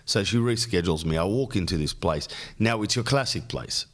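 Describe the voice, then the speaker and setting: A middle-aged Australian man with a fairly low voice tells a story in a loose, rambling podcast monologue. He riffs through jokey lists and asides as he goes. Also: animated, a little fast, a bit bright. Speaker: podcast host.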